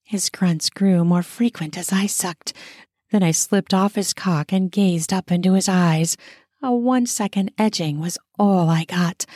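A woman narrating a first-person erotic audio story in an intimate, soft, drawn-out manner. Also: lowish voice, breathy edge, no room sound, studio quality.

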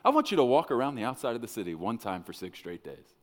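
A man's voice: medium pitch, big pitch swings, fast talker, close to an everyday voice. A man voicing God speaking casually and assuredly in a sermon, in a reverberant hall. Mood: calm, assured. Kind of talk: acted quote in a sermon. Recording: long reverb of a large hall.

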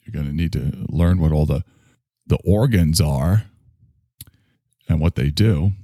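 A man voicing a rambling, low-voiced figure who calls himself messy and imperfect, philosophizing with halting restarts in an improvised comedy bit. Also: dark tone, no echo, clean studio sound.

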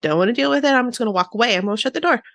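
Woman podcast host rambling casually, laughs a lot, bit high voice, dry close sound. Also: rapid-fire, no room sound. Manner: chatty, laughs often, lively swoops in pitch.

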